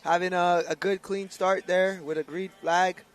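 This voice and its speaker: A man's voice: high-pitched, little pitch movement, moderate pace. A man with a slightly raised voice does live sports commentary on a canoe race. He sounds upbeat as he runs through the lanes and crews.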